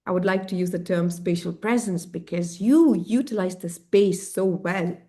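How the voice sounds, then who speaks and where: A woman evaluating a club speech over a video call, in measured and encouraging tones. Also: lowish voice, dark tone. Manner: measured, deliberate, encouraging feedback with rhetorical emphasis.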